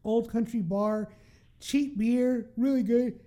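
A woman tells a rowdy story to a friend, swearing freely and breaking into laughter. Her voice sits a bit high but has a soft, mellow tone. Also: takes it slowly. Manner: animated, profane, laughing storyteller. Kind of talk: casual storytelling chat.

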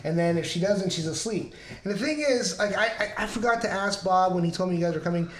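A man's voice: high voice, fast talker, a bit bright. A man hosting a podcast, telling a rambling, profane story in casual chat and acting out the dialogue, recorded in a room of a house. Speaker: podcast host. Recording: roomy echoing room.

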